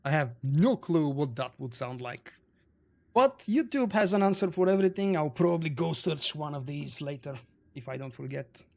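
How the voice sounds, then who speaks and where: A man's voice: fairly high pitch, lively intonation, moderate pace, gravelly, darkish tone. A man streaming a game live, chatting casually with viewers, greeting them by name and answering their messages. English is not his first language. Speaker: livestream gamer reading chat. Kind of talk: casual live-stream chat over gameplay.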